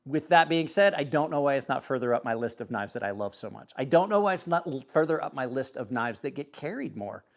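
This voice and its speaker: A man's voice: medium pitch, expressive, brisk, creaky, few pauses. A man hosting a knife review channel, talking casually and enthusiastically to camera, rambling and self-deprecating with frequent restarts. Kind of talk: casual product talk to camera.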